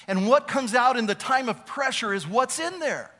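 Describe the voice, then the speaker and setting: A man preaching a sermon as a pastor, animated, stretching key words and dropping to a chatty tone for personal stories. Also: very high-pitched, normal speed.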